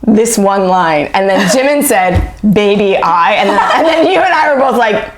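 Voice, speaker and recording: Woman co-host, casual chat, excitable, laughs a lot, lively intonation, faint hiss. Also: mid-range voice, normal speed. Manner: enthusiastic, laughs often.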